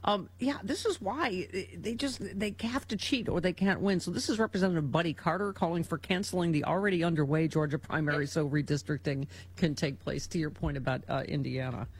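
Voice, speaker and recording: A man's voice: a little high, fast talker, hardly any pauses, slight background noise. A male host doing political commentary with a wry, sarcastic manner.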